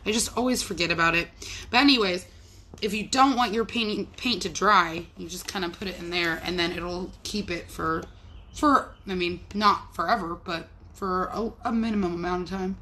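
A woman's voice: lowish voice, moderate pace, sharp tone, slight background noise. A young woman chatting casually as she works on art during a live stream, rambling and playful, often talking to herself. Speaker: artist livestreaming. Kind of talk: casual chat while working.

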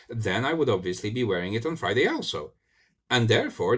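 A man reads a science fiction story aloud with a low voice. His delivery is animated, rising and falling widely in pitch. He now and then stumbles and corrects himself. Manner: animated, expressive reading with small slips. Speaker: reader.

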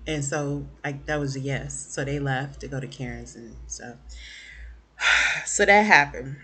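A woman casually recapping a TV episode for her viewers, chatty and animated, acting out the characters' lines. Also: a bass voice, measured pace, husky. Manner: chatty, lots of fillers and asides to viewers. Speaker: TV recap vlogger.

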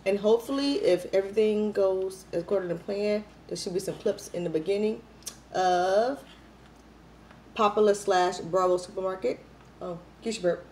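A young adult woman chatting casually to her viewers in an eating vlog, lively and playful, wired up on coffee. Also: lowish voice, slight background noise. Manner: lively, chatty, playful, says y'all a lot. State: hyped up on coffee. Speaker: mukbang vlogger.

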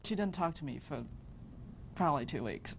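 A woman's voice: deep voice, animated, normal speed, gravelly, faint music behind, poor audio. A woman speaking in an interview with a dry, wry delivery.

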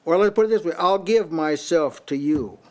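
A man's voice: a little high, normal speed. An older man preaching in a small house church, often restarting his words and reading out Bible passages in several translations. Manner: repeats words as he restarts, reads and compares many translations. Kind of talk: sermon.

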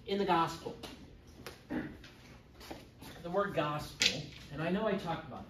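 High-voiced man teaching confirmation class. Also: a little slow, very noisy. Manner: chatty, jokes with the class. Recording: echoey room, far from the mic.

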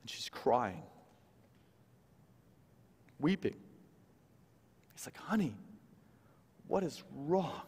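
A man preaching as a guest speaker, telling a story with big swings from loud emphasis to hushed quiet lines. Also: medium pitch, very animated, very slow, long pauses, husky. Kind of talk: sermon storytelling. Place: church sanctuary. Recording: long reverb of a large church hall.

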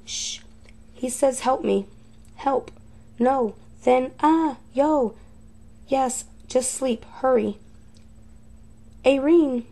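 A woman hosting a paranormal video, talking casually to viewers and slowly reading out short recorded phrases one at a time. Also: on the high side, creaky, warm tone. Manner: slow, halting, reads phrases one by one.

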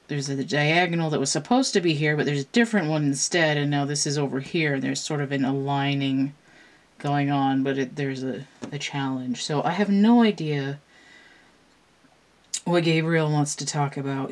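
A woman hosting her own channel, explaining a card layout in casual, rambling talk with many fillers and restarts. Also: low-pitched. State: slightly out of breath. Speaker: channel host and tarot reader. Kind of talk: casual show-and-tell talk to camera.

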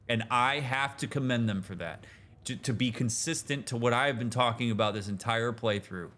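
A man giving casual, animated let's-play commentary as a therapist, talking in slang with restarts and leaping into excited outbursts. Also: medium pitch, moderate pace. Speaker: therapist commenting on a video game.

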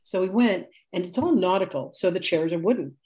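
Low, mellow-voiced woman telling stories. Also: lively intonation, brisk. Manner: chatty, rambling, laughs often, corrects herself. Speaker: spiritual teacher and healer. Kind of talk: live class demonstration, casual storytelling.

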